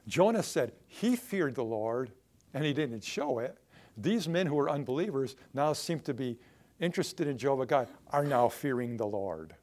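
Lively-voiced male pastor preaching. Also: mid-range voice, normal speed. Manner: conversational preaching with rhetorical questions to the congregation. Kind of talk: sermon.

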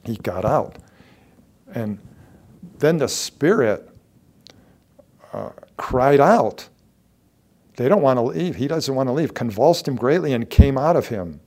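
A man preaching a sermon as a pastor, earnest and emphatic, dropping to soft asides and rising to loud declarations, often repeating words for stress. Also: medium pitch, lively intonation, slow pace, long pauses.

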